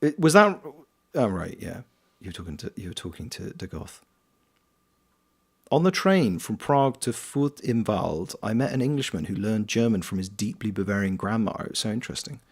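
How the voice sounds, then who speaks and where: A man's voice: fairly low pitch, expressive, normal speed, slightly rough. A man from Wales chatting casually on a live stream while gaming, rambling and reading chat aloud. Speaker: streamer and voice actor.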